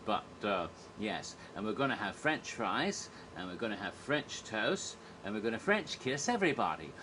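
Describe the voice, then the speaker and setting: A man's voice: on the low side, very animated, normal speed, background noise. A man vlogging in a casual, rambling monologue, digressive, chuckling at his own jokes with many fillers.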